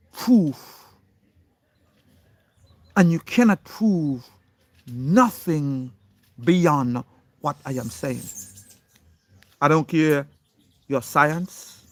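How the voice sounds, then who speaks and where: With no echo on the recording, a man with a fairly high voice gives a fervent, preachy monologue aimed squarely at an unseen critic. He is emphatic and insistent, hitting single words hard.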